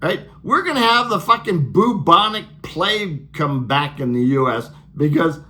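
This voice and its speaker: A man's voice: fairly high pitch, lively intonation, a little slow, bright, forceful tone. A man delivering a sarcastic, profane political rant, laughing at his own jokes. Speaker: political vlogger.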